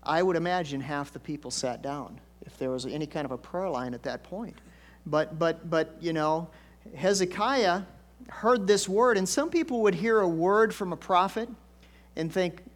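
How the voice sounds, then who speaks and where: A man's voice: fairly high pitch, normal speed. An older man, a pastor, preaching a conversational storytelling sermon with folksy asides and emphatic swells.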